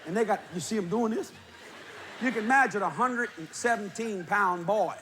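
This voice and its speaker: A man preaching, telling a funny story with laughter and bursts of shouting. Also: sits high, normal speed. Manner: animated, laughing while telling, shouting at peaks. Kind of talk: humorous storytelling sermon. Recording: live audience with crowd noise.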